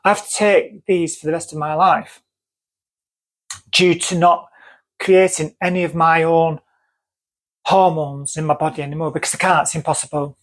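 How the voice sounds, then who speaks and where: A woman's voice: low-pitched, steady tone, normal speed, long pauses. A woman with a North Manchester accent telling a personal story to camera, earnest and emphatic, repeating phrases for stress. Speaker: vlogger.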